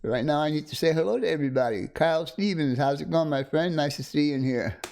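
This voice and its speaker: A man's voice: fairly high pitch, fast talker, gravelly, darkish tone. A middle-aged man casually chatting on a home livestream, greeting viewers by name with frequent chuckles, close to a desk microphone. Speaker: livestream host. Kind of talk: casual live-stream chat. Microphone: desk condenser microphone.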